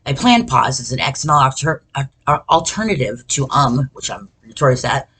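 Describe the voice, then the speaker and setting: A woman's voice: extremely low pitch, animated, fairly quick, fairly bright tone, husky. A woman giving an informal talk on speech delivery, chatty and self-deprecating, with many fillers and self-corrections.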